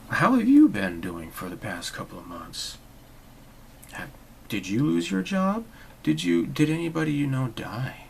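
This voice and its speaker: A man with a lowish, creaky, somewhat bright voice hosts his own channel, giving a sarcastic, rambling, opinionated monologue full of restarts. The recording is rough, with a bit of hiss or hum.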